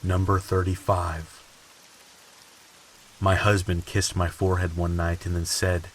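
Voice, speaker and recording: A man reading creepy stories in a slow, ominous scripted narration. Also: low-pitched, flat delivery, rough recording. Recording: faint hiss and rain sounds behind. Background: rain ambience.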